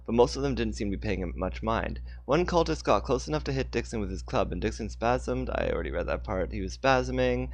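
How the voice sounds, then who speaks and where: A man's voice: on the low side, expressive, brisk, few pauses. A man reading his own story aloud on a live stream, with casual asides and self-corrections. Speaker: author reading his book.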